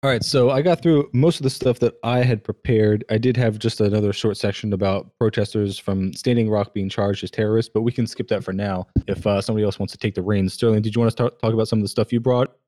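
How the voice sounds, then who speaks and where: A man co-hosting a casual podcast discussion, animated and strongly opinionated. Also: lowish voice, fast talker, hardly any pauses. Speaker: podcast co-host.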